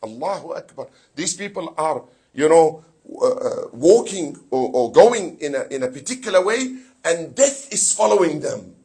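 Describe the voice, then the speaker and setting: Delivering a Muharram lecture, a sheikh preaches fervently in a high-pitched, noticeably husky voice that's still mellow, animated and at normal speed. He fires rhetorical questions at the congregation and weaves Arabic phrases and scripture recitation into his English.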